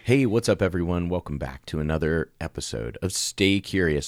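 A man's voice: extremely low pitch, lively intonation, fairly quick, hardly any pauses, no room sound, studio quality. A man co-hosting a church podcast, a pastor chatting casually in an easygoing, joking, rambling way. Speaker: podcast co-host and care pastor. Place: church recording space.

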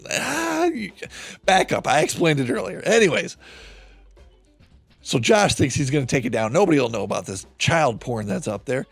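A man's voice: on the high side, big pitch swings, moderate pace, creaky, breathy edge, no room sound, soft background music. A man hosting a true-crime podcast, sarcastic and swearing freely as he reads out chat logs and comments on them. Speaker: podcast host.

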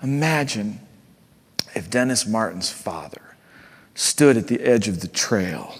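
A man preaching a sermon with earnest conviction, dropping to a hush and then rising to fervent emphasis. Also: on the low side, lively intonation, slow pace, slightly rough. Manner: earnest, swings from hushed to fervent. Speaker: pastor. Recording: long hall reverb.

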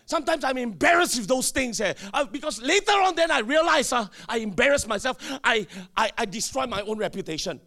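A male pastor, preaching a sermon emphatically with sudden shouted bursts and call-and-response to the congregation. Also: very high voice, animated, brisk, hardly any pauses.

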